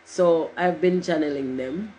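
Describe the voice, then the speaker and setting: A woman's voice: deep voice, unhurried, mellow, slight background noise, rough recording. A middle-aged woman, chatting casually on a livestream in a rambling, joking way and cursing freely. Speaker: livestream host.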